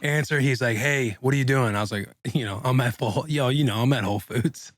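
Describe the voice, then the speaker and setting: A man in his thirties co-hosting a podcast in casual chat, quick and jokey, cutting in to give his side of a story. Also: medium pitch, no echo, studio quality. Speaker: podcast co-host.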